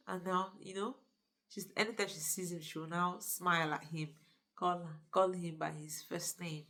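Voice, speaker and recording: A woman's voice: fairly low pitch, fairly even intonation, moderate pace, pushed and bright. A woman casually retelling a movie plot, chatty, with asides to the listener. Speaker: movie reviewer. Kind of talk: casual movie recap narration.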